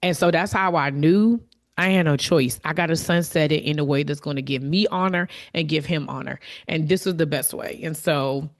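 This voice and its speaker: Woman, podcast host, deep-pitched, candid, reflective solo talk, openly emotional. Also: moderate pace.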